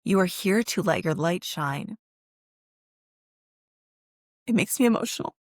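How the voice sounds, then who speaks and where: A woman's voice: lowish voice, animated, measured pace, dry recording, studio quality. A woman therapist hosting her own self-help podcast. She talks directly to the listener in an earnest, encouraging, emotionally open way.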